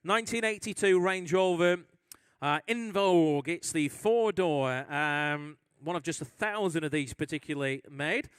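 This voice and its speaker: Smooth-voiced male auctioneer calling bids. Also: fairly high pitch, no echo. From England. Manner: brisk bid-calling with teasing asides. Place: auction hall at a live sale.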